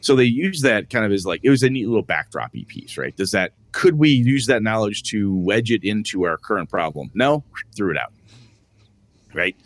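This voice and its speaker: A deep-voiced man, a podcast host and game master, tells casual stories about tabletop gaming, rambling loosely with fillers and asides. He's animated, acting out his friends' lines in quick voices, and the recording has no echo.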